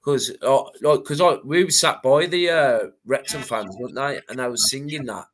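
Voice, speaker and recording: A man co-hosting a football phone-in, speaking in a hesitant, halting way. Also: medium pitch, a bit bright. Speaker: phone-in co-host. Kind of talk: casual phone-in chat.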